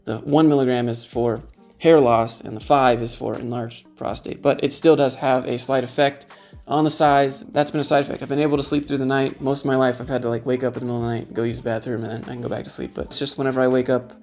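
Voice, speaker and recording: A man's voice: mid-range voice, steady tone, quick pace, a little mellow, faint music behind. A man in his thirties talking frankly to the camera in a casual vlog, joking as he goes. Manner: frank, joking, conversational, shows items to the camera. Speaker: YouTube creator.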